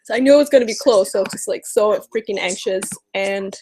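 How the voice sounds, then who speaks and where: This is a woman with a medium-pitched voice, talking quickly and casually to camera about politics as a vlogger, with poor audio and a little hiss or hum. Nervous and exasperated yet animated, she mocks people in quotes and fills her speech with "um" and "you know."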